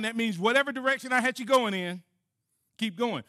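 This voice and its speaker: A man preaching a sermon with an animated delivery, acting out dialogue between God and himself. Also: very high voice, a little fast. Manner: animated preaching that drops to a soft closing prayer. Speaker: pastor.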